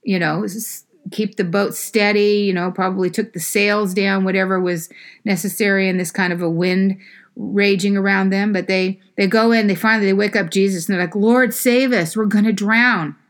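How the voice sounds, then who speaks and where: A woman's voice: medium pitch, little pitch movement, normal speed. A woman preaching a sermon in a conversational way, with frequent fillers and restarts.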